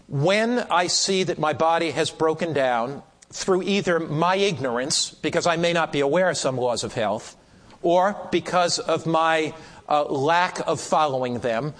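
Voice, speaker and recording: A man preaching in a slightly high voice, emphatic and deliberate, often repeating a phrase and drawing out the words that matter. His voice rings with a long reverb, as in a large hall. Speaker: preacher teaching a Bible class. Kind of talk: sermon.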